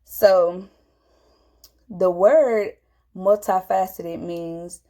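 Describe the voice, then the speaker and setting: A woman telling a personal story to camera, animated and emotional, her voice jumping high when she quotes herself. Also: extremely slow. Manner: animated, jumps high when quoting herself, tearful at moments.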